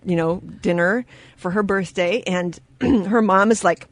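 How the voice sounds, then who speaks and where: A woman hosting a radio talk show in a studio, telling stories with lively quoted voices and frequent laughter. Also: medium pitch, measured pace, no echo. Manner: animated storyteller, acts out quoted voices; laughs often mid-sentence. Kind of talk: casual radio chat.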